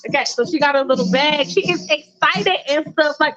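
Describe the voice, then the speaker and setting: High-voiced, rambling woman storyteller. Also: normal speed, few pauses, bright, forceful tone, lo-fi sound, faint music behind. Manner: rambling, slangy, profane, addresses listeners. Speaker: storyteller, podcast host. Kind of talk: casual improvised storytelling.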